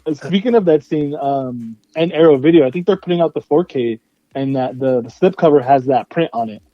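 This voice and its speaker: A man's voice: mid-range voice, fairly quick, no room sound, dull audio. A man on a podcast who chimes in briefly with questions and film trivia in a casual chat. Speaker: podcast co-host.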